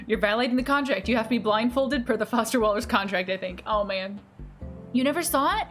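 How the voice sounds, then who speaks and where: A woman's voice: on the high side, expressive, quick pace, fairly bright tone, soft background music. Giggly woman streamer chatting with viewers. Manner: bubbly, giggly, self-teasing, reacting to chat. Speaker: game streamer. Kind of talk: casual live-stream chat with viewers.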